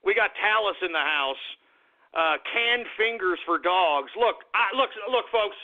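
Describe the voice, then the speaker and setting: A man hosting an internet radio show, ranting angrily about politics, shouting and swearing, then reading out listener shout-outs. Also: sits high, expressive, a little slow. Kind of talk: heated political talk radio rant. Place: home office. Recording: tinny phone-like internet radio audio.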